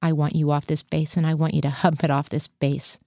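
A woman's voice: low-pitched, little pitch movement, a little fast, warm tone, no room sound, clean studio sound. A woman reading the lines of a profane, dismissive male master sergeant. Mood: hostile. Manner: swearing, dismissive.

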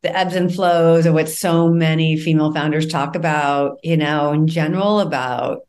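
A woman's voice: deep voice, fairly even intonation, moderate pace, darkish tone. A woman hosting a podcast interview, asking questions in a casual, rambling way full of fillers. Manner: rambling, casual, lots of fillers like "you know". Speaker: podcast host.

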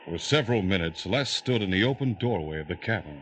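A man narrating a 1950s radio drama in a measured, formal way. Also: deep voice, lively intonation, heavy background noise. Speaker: announcer and narrator.

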